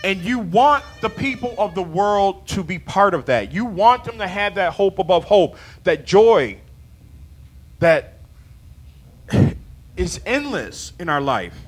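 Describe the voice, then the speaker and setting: A man delivering a sermon, his voice sitting high and swinging widely. He is animated and playful, breaking into laughter and acting out little dialogues with God. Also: takes it slowly. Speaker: church member preaching.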